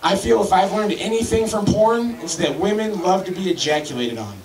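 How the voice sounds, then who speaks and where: A man in his thirties hosting and doing crude, deadpan stand-up comedy to a crowd. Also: high-pitched, normal speed, distant mic. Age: 30s. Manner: crude, deadpan joke delivery. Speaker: comedy host. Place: crowded club, roomy. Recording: echoey room, mic from afar, loud crowd.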